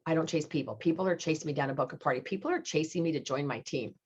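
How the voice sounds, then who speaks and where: Low-voiced upbeat woman coaching her team. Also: fast talker, husky. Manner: upbeat and coaching, repeats key phrases for emphasis. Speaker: sales team director. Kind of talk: motivational team talk. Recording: dull lo-fi recording.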